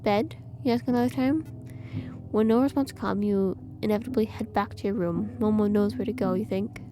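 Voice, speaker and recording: A woman reading aloud a horror visual novel with measured, eerie narration. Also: medium pitch, over music. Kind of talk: dramatic game narration.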